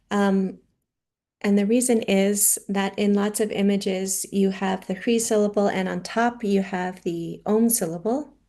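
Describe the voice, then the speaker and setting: A woman explains a meditation practice over a video call, pausing with frequent ums. Her voice is mellow and mid-pitched, staying flat and even in tone. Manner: hesitant, many filler ums.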